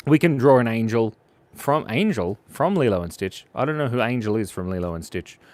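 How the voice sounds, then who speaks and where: Man, live-stream drawing host, playful and goofy, animated up-and-down voice, mid pitch, dry close sound. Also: a little fast, dry recording. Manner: playful and goofy, reads out viewer comments. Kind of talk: casual live-stream chat while drawing.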